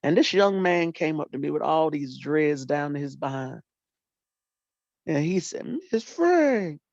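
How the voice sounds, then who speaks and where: An older woman, a retired teacher and librarian, telling animated stories about her students in casual talk and acting out what people said. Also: sits low, measured pace, vocal fry, no echo. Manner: animated storyteller, acts out quotes, folksy Southern phrasing. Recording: dull lo-fi dry sound.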